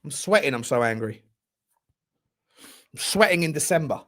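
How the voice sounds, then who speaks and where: A man's voice: fairly high pitch, expressive, moderate pace. A young man hosting a live football watchalong, furiously ranting and swearing at the referee. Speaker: football fan channel host.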